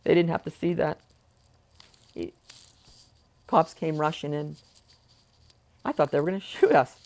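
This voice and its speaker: A man's voice: fairly high pitch, a little slow, darkish tone. A man at home in his chair, telling a personal story in a heated, indignant way, with rhetorical questions and swearing. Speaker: vlogger telling a family story. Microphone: wearing headphones, close mic.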